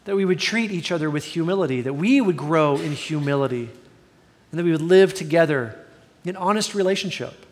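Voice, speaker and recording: A man's voice: on the high side, lively intonation, brisk, long reverb tail. A man in his forties preaching a sermon as a pastor, earnest and conversational with self-deprecating humor.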